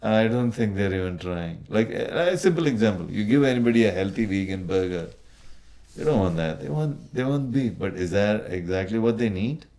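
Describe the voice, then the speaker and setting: A man with an Indian accent, a podcast guest talking casually, often pausing and restarting. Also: on the low side, expressive, mellow. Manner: hesitant, many restarts and fillers. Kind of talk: casual conversation.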